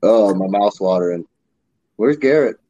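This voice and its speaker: A husky-voiced man chats and jokes with friends on a podcast call. The sound is dry and a little muffled, with no room around it. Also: fairly low pitch, animated, unhurried, dark tone, dry recording. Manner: groaning, joking while eating hot chips. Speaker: podcast co-host. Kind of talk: casual chat. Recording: dull dry call audio.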